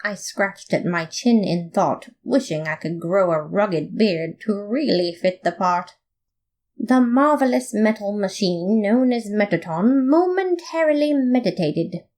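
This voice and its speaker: A woman reading a comic fan story aloud in playful, expressive first-person narration. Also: medium pitch, measured pace. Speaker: podfic reader.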